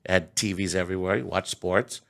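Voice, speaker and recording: Middle-aged man, home builder guest, low voice, casual anecdotes with laughs. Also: steady tone, fairly quick, gravelly, a bit bright. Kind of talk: casual storytelling.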